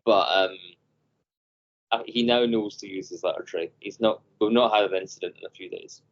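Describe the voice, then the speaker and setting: A man co-hosting a podcast over a video call, telling animated stories and acting out voices. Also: lowish voice, moderate pace, lo-fi sound. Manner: animated storyteller, acts out voices. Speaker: podcast co-host. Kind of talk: casual chat.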